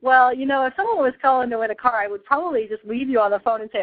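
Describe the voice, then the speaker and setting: A woman's voice: sits high, rapid-fire, dry recording. A woman hosting a casual radio interview, a chatty storyteller who laughs often. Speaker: host. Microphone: phone. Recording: tinny phone line, dry.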